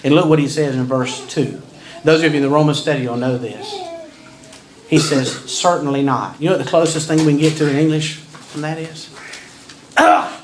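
A male pastor preaching a sermon, swinging from slow, dramatic pauses to sudden loud bursts. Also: fairly high pitch, steady tone, background noise.

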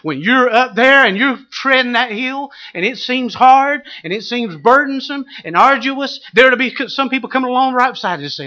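Animated high-voiced preacher man. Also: fairly quick, hardly any pauses. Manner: animated, humorous storytelling that builds to shouted exhortation. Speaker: pastor. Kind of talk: sermon with personal anecdotes.

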